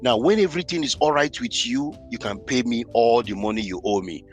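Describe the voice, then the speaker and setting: A man voicing his elderly landlord, who speaks in a gentle, reassuring way. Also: mid-range voice, fairly quick, soft background music, pitched below the performer's own voice, lightly acted. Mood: kind. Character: elderly male landlord, kindly and generous.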